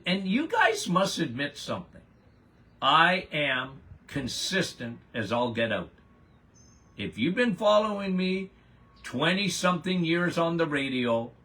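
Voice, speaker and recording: A man's voice: a little high, pushed and bright. An older man hosting a health podcast, reading out listener questions and answering them in a blunt, emphatic, folksy way. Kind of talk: casual health Q&A.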